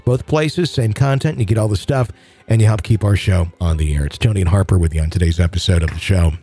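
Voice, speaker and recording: A man's voice: sits low, fast, dark tone, breathy edge, faint music behind. A middle-aged man hosting a podcast, chatty and rambling as he tells stories in casual talk. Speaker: podcast host.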